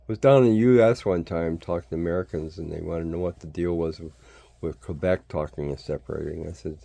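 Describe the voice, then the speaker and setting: A man's voice: low-pitched, moderate pace, vocal fry, warm tone, no echo. An older man from Canada talking in a blunt, folksy, rambling monologue that jumps between topics.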